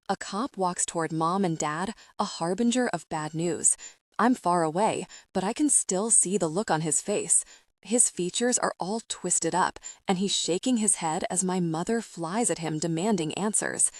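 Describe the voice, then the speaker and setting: A woman's voice: fairly low pitch, no room sound, studio quality. A woman narrating a first-person romance audiobook in an emotional, dramatic reading.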